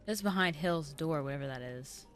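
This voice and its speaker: Low-voiced woman reacting to a game. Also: lively intonation, normal speed, soft background music. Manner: chatty, reactive, exclaiming. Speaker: gameplay streamer. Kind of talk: casual gameplay commentary.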